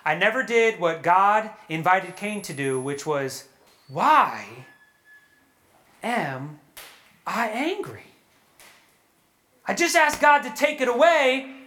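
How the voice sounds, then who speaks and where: A man preaching at a young adult retreat, earnest and animated, acting out prayers and quotes before a live audience. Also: sits high, moderate pace. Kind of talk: sermon.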